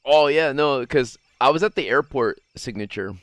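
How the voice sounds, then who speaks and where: A man's voice: mid-range voice, moderate pace, dry recording. Profane rambling male streamer. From Guam. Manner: rambling, profane, laughing often. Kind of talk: casual livestream chat.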